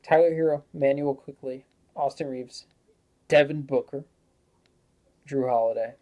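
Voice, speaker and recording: Mellow-voiced male podcast co-host. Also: mid-range voice, unhurried. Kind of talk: casual sports chat.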